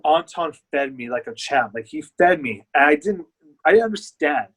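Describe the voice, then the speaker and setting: A man's voice: on the high side, expressive, moderate pace, fairly bright tone, low-quality recording. A man guest, a bodybuilder, telling his story in candid, rambling casual chat.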